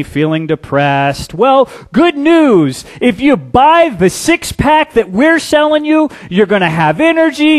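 A man preaching a sermon in an easygoing, talky way, with a slightly higher voice. He keeps turning to the listeners with quick questions. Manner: conversational, asks the audience "right?" often; soft, reverent prayer. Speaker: pastor.

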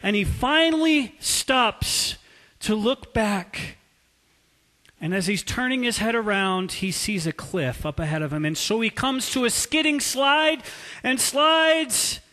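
A man preaching a sermon as a pastor, telling a story with drawn-out emphasis. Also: very high voice, animated, pushed and bright. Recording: long hall reverb.

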